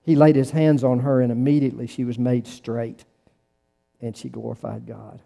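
A man preaching a sermon, halting often with restarts and fillers as he tells stories to the congregation. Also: mid-range voice, level tone, vocal fry, mellow. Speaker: pastor. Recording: long hall reverb.

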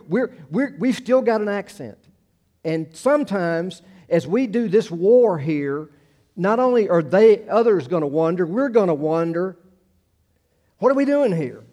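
Mellow-voiced man preaching conversationally. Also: high-pitched, lively intonation, a little slow, muffled recording. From United States. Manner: conversational preaching with asides and self-deprecating jokes; rises to emphatic peaks on key phrases. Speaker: pastor. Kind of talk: sermon.

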